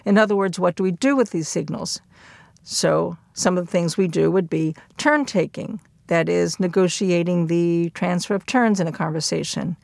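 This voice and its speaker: An older woman explaining linguistics in a measured lecture, with occasional fillers. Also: fairly low pitch, gravelly, dry recording.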